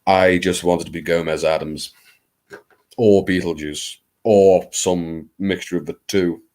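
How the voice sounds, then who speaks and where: A man's voice: deep voice, steady tone, a little slow, a little mellow. A man hosting a late-night live stream, chatting in a theatrical, rambling, self-mocking way.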